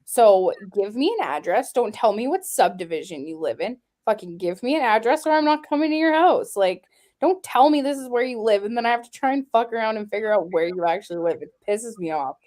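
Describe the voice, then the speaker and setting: A woman's voice: a little high, animated, brisk, darkish tone. A woman on a casual live video panel, ranting bluntly with lots of swearing and laughter. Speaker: panel guest.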